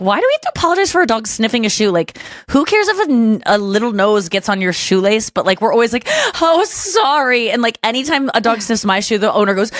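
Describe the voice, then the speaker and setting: A woman's voice: medium pitch, no room sound. Frank, rambling woman podcast host, dry sound. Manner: frank, rambling, quick asides. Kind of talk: casual podcast chat.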